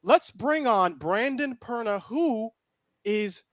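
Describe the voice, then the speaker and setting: High-voiced upbeat man hosting. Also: lively intonation, takes it slowly, no echo. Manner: upbeat, announcer-like introductions. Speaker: host. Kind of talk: casual sports podcast chat.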